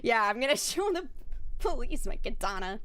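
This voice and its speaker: A woman's voice: a little high, very animated, normal speed, fairly bright tone. A young woman VTuber streamer chatting casually with her audience, rambling and swearing as she talks. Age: young adult. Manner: rambling, profane, talks straight to chat. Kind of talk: casual livestream chat.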